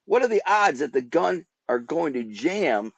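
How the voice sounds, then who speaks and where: A man telling dramatic life stories in an animated way, acting out gunshots with sound effects. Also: on the high side, a little slow, vocal fry, breathy edge, dry recording, lo-fi sound. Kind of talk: animated storytelling.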